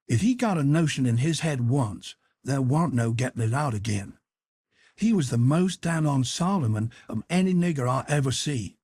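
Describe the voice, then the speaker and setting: A man narrating an audiobook in the first person, steady storytelling in old-fashioned dialect. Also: mid-range voice, breathy edge, no room sound, studio quality.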